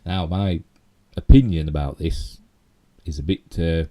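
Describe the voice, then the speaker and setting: A middle-aged Yorkshire man hosting a casual live stream from a desk mic at home, his low, warm voice a touch hoarse. He rambles along with plenty of fillers and quick asides. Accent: Yorkshire English. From Yorkshire, England. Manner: rambling, chatty, with many fillers and self-asides. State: slightly hoarse. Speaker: channel host.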